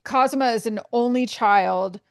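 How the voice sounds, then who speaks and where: Gravelly Canadian woman, dry close sound. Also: fairly high pitch, no echo. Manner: rambling explanations, quick asides, frequent laughs. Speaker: podcast co-host. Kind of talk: casual chat.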